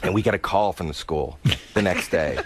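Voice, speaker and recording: A man who is a guest on a talk show, telling embarrassing stories in an animated, chatty way. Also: low-pitched, normal speed, a little hiss or hum. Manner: animated storyteller. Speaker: studio guest.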